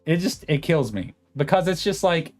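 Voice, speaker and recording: A man's voice: on the high side, lively intonation, moderate pace, faint music behind. A man in his late twenties chatting casually on a livestream, rambling and reading viewer comments aloud. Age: late 20s. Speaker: streamer host.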